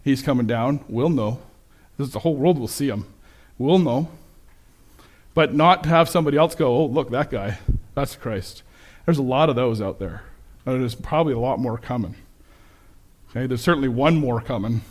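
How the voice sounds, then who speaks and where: A man preaching a sermon with slides, conversational and self-correcting, turning animated when he quotes people. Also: medium pitch, moderate pace. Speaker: pastor.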